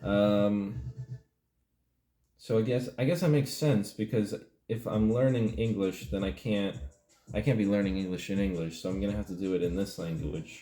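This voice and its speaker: Man, low voice, mellow tone, deadpan rambling, feigned confusion, roomy echo. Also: normal speed. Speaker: comedic video host. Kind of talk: mock language tutorial, casual chat. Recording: roomy sound with faint music.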